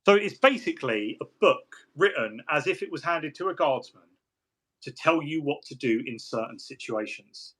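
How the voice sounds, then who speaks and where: Guy, bit high voice, rambly jokey hobby chat. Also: lively intonation, normal speed, a bit bright. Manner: rambling, jokey, many restarts and asides. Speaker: hobby stream host. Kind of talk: casual chat while model painting.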